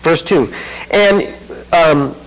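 A man's voice: drawn-out words, rough recording. A man preaching an expository sermon, reading scripture aloud and commenting with earnest, swelling emphasis. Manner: earnest, rising to fervent emphasis then dropping low.

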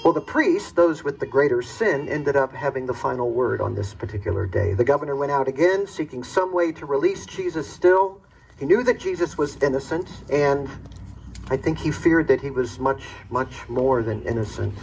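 A man's voice: medium pitch, normal speed, creaky, a little mellow, slight background noise, rough recording. A man delivering a first-person dramatic monologue as a Roman soldier, earnest and reflective in his storytelling.

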